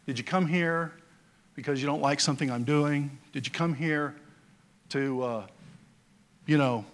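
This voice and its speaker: A worn-down president speaks softly and low, heavy with grief, as a preacher puts him on in a sermon story. The voice stays gentle and subdued, with a slightly raised pitch. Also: male voice, unhurried, lightly acted. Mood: earnest. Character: weary grieving male president, older.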